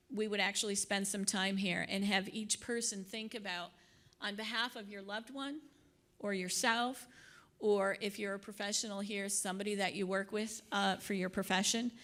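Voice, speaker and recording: An older woman leads a conference workshop in a chatty, easygoing way. She tosses in joking asides and trips over a word now and then. Her pitch sits at a middling height. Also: a bit bright. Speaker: workshop presenter.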